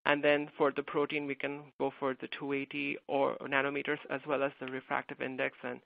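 Gravelly man answering over a tinny line. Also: medium pitch, completely flat delivery, fairly quick, no echo. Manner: hesitant, many fillers. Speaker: graduate student answering questions. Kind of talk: live Q&A answers. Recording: tinny phone-like line, dry.

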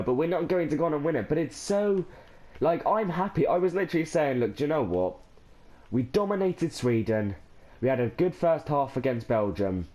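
A man's voice: medium pitch, darkish tone. A young Irish man in his teens talking to camera in a casual vlog, overwhelmed and rambling, with restarts and sighs. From Ireland. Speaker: gaming vlogger.

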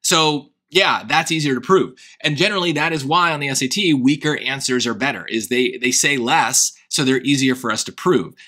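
Bright-voiced man with a Long Island accent. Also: mid-range voice, moderate pace, few pauses. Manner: hesitant, self-questioning, many restarts. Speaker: SAT tutor. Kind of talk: thinking-aloud test prep lesson.

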